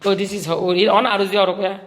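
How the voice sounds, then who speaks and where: A woman's voice: medium pitch, fairly even intonation, racing. A young Nigerian woman vlogging a casual tour of a village house, talking with a Nigerian accent, mixing Igbo and English and exclaiming often.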